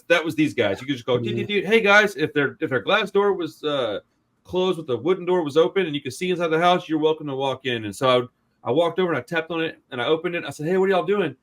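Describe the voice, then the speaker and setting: Quick-talking podcast host guy, animated, swears a lot, acts out quotes. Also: a little high. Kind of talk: casual chat.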